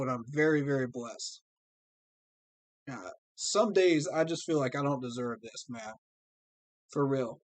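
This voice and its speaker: Male fan streamer, slightly raised pitch, sincere and heartfelt, dry close mic. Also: dry recording. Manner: earnest, heartfelt, repeats "man". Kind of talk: livestream talk to fans.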